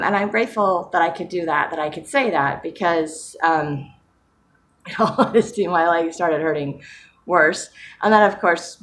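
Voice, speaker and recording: A woman with a low voice talks to the camera in a relaxed, rambling way. She fills her sentences with ums and breaks into soft laughs as she goes. A faint hiss runs under the recording. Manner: chatty and rambling, with frequent fillers and soft laughs. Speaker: vlogger. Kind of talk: casual personal vlog.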